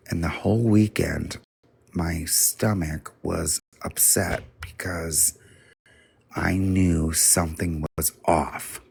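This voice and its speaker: A man's voice: low voice, drawn-out words, vocal fry, darkish tone, slightly rough. A man telling a personal story on a livestream in a blunt, profane, casual way.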